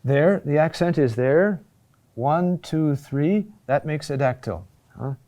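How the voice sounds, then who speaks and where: Male lecturer, unhurried and hesitant delivery, mellow low-key tone. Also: lively intonation. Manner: slow, halting delivery with many fillers and restarts. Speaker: teacher of Gregorian chant. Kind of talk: classroom lecture.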